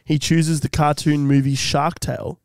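A man's voice: a little high, steady tone, normal speed, vocal fry, dry recording. A young man co-hosting a comedy podcast, reading out a listener's letter with jokey asides. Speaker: podcast co-host. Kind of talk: casual comedy podcast chat.

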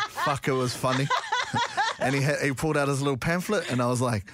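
A young man with a New Zealand accent hosting a casual morning radio show, joking and swearing, with loud hyped-up openings. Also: medium pitch, brisk, heavy background noise. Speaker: radio host.

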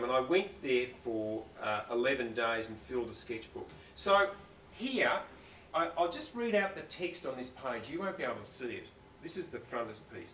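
Speaking before an audience in a school hall, this Australian guest author rambles with enthusiasm in a live on-stage conversation, frequently dropping thoughts halfway. He has a medium-pitched, fairly bright voice, captured from a distance in a roomy space with faint ambience plus slight hiss or hum.

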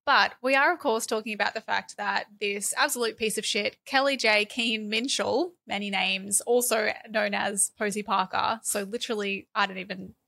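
An Australian woman co-hosting a political podcast, quick and sarcastic, with lots of fillers and restarts. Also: medium pitch, steady tone, creaky, bright, forceful tone. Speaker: podcast co-host. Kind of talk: casual political chat.

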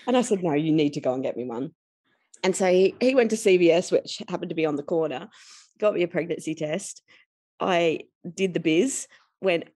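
An Australian woman in her forties, with a notably low voice and a dark tone, appears as a podcast guest. She sounds tired but tells candid personal stories with energy and at a fairly quick pace, laughing often and taking on the voices of the people she quotes.

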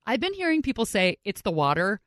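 A woman hosts with chatty, expressive narration. Her pitch moves around a lot, and the recording is dry and close with no room sound. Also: a little fast, no echo. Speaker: podcast host. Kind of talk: scripted narration.

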